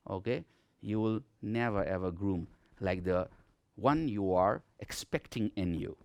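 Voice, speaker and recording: A man's voice: medium pitch, no room sound. A man teaching a televised English grammar lesson, emphatic and often checking in with "okay?". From Nepal. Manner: emphatic, repeats "okay?" often, lively classroom delivery.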